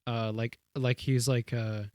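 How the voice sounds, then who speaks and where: A man's voice: medium pitch, flat delivery, unhurried, a little mellow, no echo, studio quality. A young man co-hosting a podcast, rambling through a casual story with lots of fillers and swearing. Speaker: podcast co-host. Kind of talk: casual chat.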